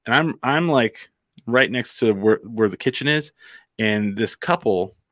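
A man's voice: mid-range voice, lively intonation, unhurried, fairly bright tone, no room sound, clean studio sound. A man from New Mexico telling a long story in casual chat, rambling with fillers and acting out quotes.

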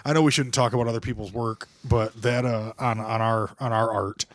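A man's voice: medium pitch, steady tone, fairly quick, no echo. A man co-hosting a podcast, joking crudely and bickering with his friends in casual chat. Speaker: podcast co-host.

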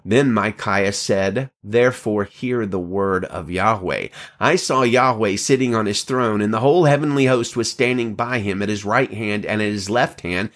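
A man reading scripture aloud at an unhurried pace, with occasional slips and self-corrections, lifting his pitch for quoted speech. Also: fairly bright tone. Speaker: scripture reader.

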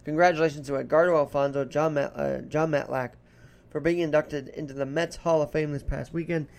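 A podcast host talks alone in a put-on Irish brogue, drifting casually from one topic to the next. His voice sits a little high for a man and has a gravelly edge. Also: fairly even intonation, a little fast, darkish tone. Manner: rambling, chatty, jumps between topics. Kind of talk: casual solo podcast monologue.

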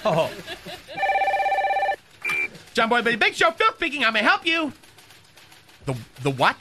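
A man's voice: very high voice, wildly swooping pitch, measured pace, sharp tone, heavily acted. A man doing Phil, a campy gossipy receptionist. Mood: catty. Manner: campy, gossipy, one-sided phone chatter. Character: flamboyant gay male phone receptionist, catty. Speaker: comedy sketch character. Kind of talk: radio comedy sketch.

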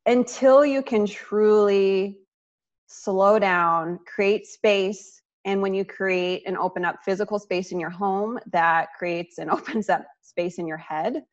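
A woman decluttering coach speaks as a podcast guest. She is earnest and reflective, with a middle pitch and small laughs. Her audio is slightly dull and muffled. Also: slow. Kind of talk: casual conversation.

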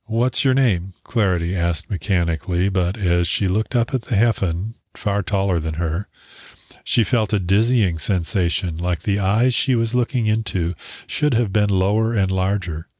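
A man narrates a short story in a calm, measured audiobook delivery. His voice sits very low. The recording is dry and close, with no room sound. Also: no room sound.

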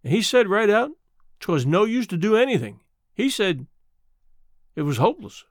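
A woman's voice: mid-range voice, very animated, moderate pace, no room sound, pitched above the performer's own voice, lightly acted. A man voicing a timid old countrywoman who is going blind, with rustic folksy speech, tremulous and close to tears. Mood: grieving. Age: older.

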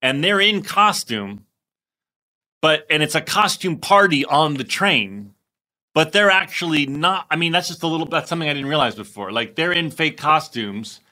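A man hosting a podcast, talking in relaxed, chatty casual conversation. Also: fairly high pitch, normal speed. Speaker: podcast host. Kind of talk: casual chat.

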